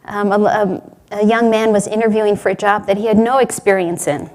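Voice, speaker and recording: A woman's voice: medium pitch, steady tone, a little fast. Woman preaching in a storytelling manner. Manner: warm storytelling, gently rhetorical. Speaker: spiritual teacher giving a talk. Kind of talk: sermon.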